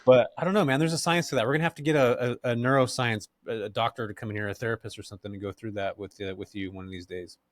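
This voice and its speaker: A middle-aged man from California, a podcast guest who tells stories in a relaxed, slangy way and laughs often. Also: mid-range voice, very fast, hardly any pauses, no echo, studio quality. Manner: laid-back, slangy, animated, laughs often. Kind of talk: casual interview storytelling.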